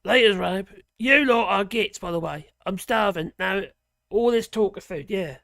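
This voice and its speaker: This is a streamer, from Norwich, rambling through viewer comments. The voice is gravelly with some fry, and the sound is dry and close, with no room around it. The pitch sits in a middle range. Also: moderate pace, fairly bright tone, dry recording. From Norwich, England. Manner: rambling, chatty, reacts to viewer comments aloud. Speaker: live-stream host. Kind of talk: casual live-stream chat reading comments.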